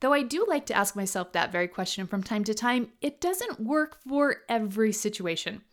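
Woman giving a scripted talk, kinda high voice, jokey storytelling, drags out the key words. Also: lively intonation. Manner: playful, humorous storytelling; slow and emphatic on key words. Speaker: motivational speaker.

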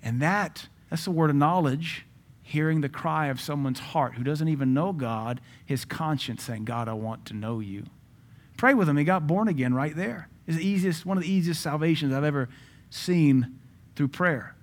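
A man's voice: a little high, moderate pace. A man preaching a sermon, telling personal stories in a conversational way.

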